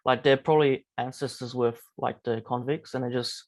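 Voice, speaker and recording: An Australian man co-hosts a casual interview in a matter-of-fact tone. His delivery is very flat and level. The recording is dry and close. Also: mid-range voice, normal speed, no room sound. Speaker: podcast co-host.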